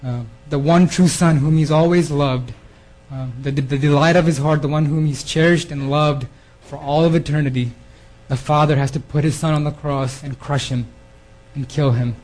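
A man's voice: fairly high pitch, fairly even intonation, normal speed, darkish tone, poor audio. A man preaching a sermon in an earnest way, often repeating words and restarting his phrases. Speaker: preacher giving a theme talk.

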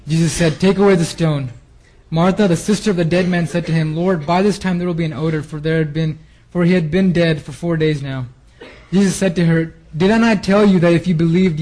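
A man's voice: a little high, a little mellow, poor audio. A man giving a sermon, reading Bible verses and then explaining them in a casual, earnest way with fillers. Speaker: preacher. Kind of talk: sermon reading scripture with commentary.

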